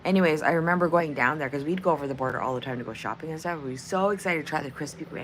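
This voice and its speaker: A woman's voice: low-pitched, racing, hardly any pauses, slight background noise. A woman hosting a casual livestream, rambling and cursing freely with frequent laughter. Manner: profane, rambling, laughs a lot. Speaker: livestream host.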